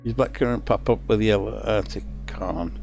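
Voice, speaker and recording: A man's voice: fairly low pitch, moderate pace, vocal fry, darkish tone, faint music behind. A middle-aged man from England with a Lancashire accent, giving casual, rambling commentary on a fishing game with many fillers and restarts. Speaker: streamer.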